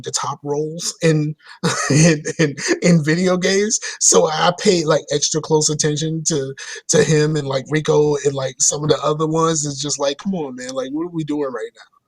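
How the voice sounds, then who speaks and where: Husky, rambling man chatting about games. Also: fairly high pitch, flat delivery, moderate pace. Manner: rambling, many restarts and fillers. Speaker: podcast co-host. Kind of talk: casual gaming chat.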